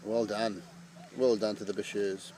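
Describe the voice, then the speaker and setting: A man giving chatty live commentary on an amateur cricket match. He breaks into loud excitement at wickets. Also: fairly low pitch, unhurried, a little hiss or hum.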